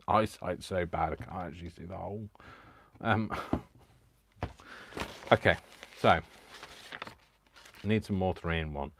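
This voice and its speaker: Low-voiced, chatty man. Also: slow pace, pauses often, fairly bright tone. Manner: rambling, self-deprecating, chuckles often. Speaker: craft vlogger. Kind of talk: casual chatty crafting tutorial. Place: home craft table. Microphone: wired mic on a tripod setup.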